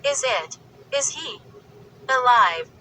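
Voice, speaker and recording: A jumpy, impatient girl , as a woman reader puts her on. Her voice is bright and slightly high, and she speaks slowly. She snaps her lines with sharp impatience. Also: animated, slight background noise, heavily acted, poor audio. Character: nervous, impatient girl, an older sister's sibling. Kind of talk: audiobook reading.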